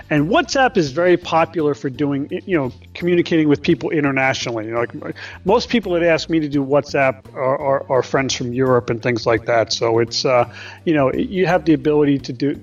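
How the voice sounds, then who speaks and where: A man co-hosting a podcast explains things in detail and teases his partner. His voice sits fairly high. He sounds set back from the mic on a dull lo-fi recording, with faint music behind. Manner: explanatory, teasing. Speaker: co-host. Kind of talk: casual podcast chat. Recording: distant lo-fi audio with faint music.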